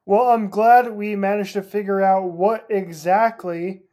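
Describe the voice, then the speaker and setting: A co-host of a casual sports podcast, easygoing and amused, laughing along. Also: male voice, high voice, steady tone, measured pace, warm tone. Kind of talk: casual chat.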